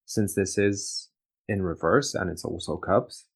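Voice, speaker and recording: A man's voice: low-pitched, fairly even intonation, measured pace, creaky, husky. A man co-hosting a casual tarot reading chat, agreeable and thoughtful. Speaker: tarot reader co-host.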